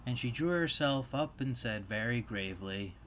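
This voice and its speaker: A man reading a storybook aloud as narrator, steady and even. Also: medium pitch, normal speed.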